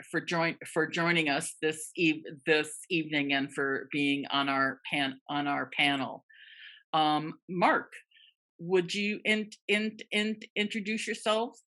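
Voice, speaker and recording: Bright-voiced woman hosting with a stutter. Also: on the low side, fairly even intonation, takes it slowly. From United States. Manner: stutters with repeated part-words. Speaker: panel host. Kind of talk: video-call panel moderation.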